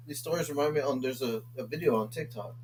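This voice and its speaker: A man in a casual chat, calmly retelling something he saw in a video. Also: medium pitch, fast, a little hiss or hum.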